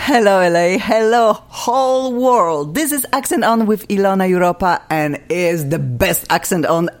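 A woman hosting a talk radio show, speaking English with a foreign accent in an excitable, gushing way. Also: mid-range voice, moderate pace, soft background music. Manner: gushing, exclamatory, non-native phrasing. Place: radio studio.

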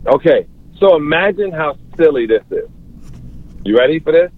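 A man's voice: fairly high pitch, lively intonation, moderate pace. Man on a tinny phone line. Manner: emphatic, jokey explainer. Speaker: guest. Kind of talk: interview over a phone line.

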